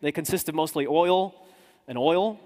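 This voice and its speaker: A man with a notably high voice tells stories in a loose, self-mocking way on a conference stage. His voice rings out through a large hall with a long reverb tail. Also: measured pace, darkish tone, slight background noise. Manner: chatty, self-mocking storytelling. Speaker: podcaster and journalist. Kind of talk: conference talk anecdote. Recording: echoey hall.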